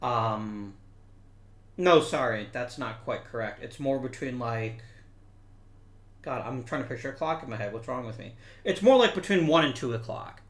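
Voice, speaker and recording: A man's voice: mid-range voice, lively intonation, moderate pace, roomy sound. A man hosting a gameplay video, explaining things casually and correcting himself as he thinks aloud. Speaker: gaming video host.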